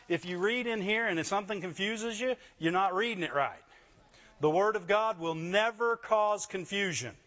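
A man delivers a sermon in a high, bright-pitched voice, pressing his points and checking in with the congregation through call-and-response. The recording sounds dull and lo-fi. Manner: call-and-response preaching, frequent "Amen?" and "Right?". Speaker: pastor.

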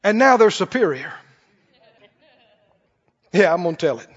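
A man preaching a sermon in an animated, conversational way to a church congregation. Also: high voice, unhurried. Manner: animated, conversational, acts out quoted voices. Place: church hall. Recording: dull recording with long hall reverb.

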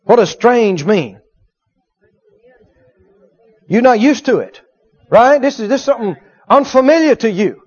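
Preacher guy w a really high voice, lively sermon, jumps loud to quiet, muffled old tape sound. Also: a little slow, pauses often. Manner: animated, acts out little dialogues, swings from loud to hushed. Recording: dull lo-fi sermon recording.

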